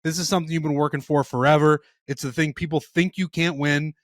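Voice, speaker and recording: A man's voice: on the high side, steady tone, fast, no room sound, clean studio sound. A man co-hosting a golf podcast, musing earnestly and reflectively. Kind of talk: casual chat.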